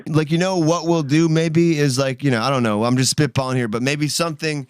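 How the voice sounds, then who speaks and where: Smooth-voiced podcast host, dry and close. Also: male voice, on the high side, fairly even intonation, a little fast, no echo. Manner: hesitant, probing, fills with "like". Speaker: show host. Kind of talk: casual podcast talk.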